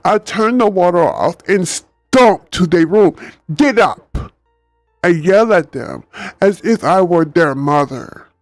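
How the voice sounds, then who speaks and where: A man's voice: high-pitched, measured pace, no echo, soft background music. A man reading a novel aloud on stream, breaking off for chatty, joking asides. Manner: animated, chatty, laughs at own jokes.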